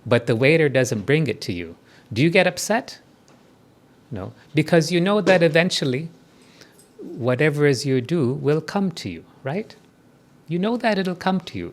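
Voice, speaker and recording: A spiritual speaker in his fifties gives a talk to a live audience, keeping it conversational and frequently checking in with quick tag questions. His voice is on the high side and sing-song.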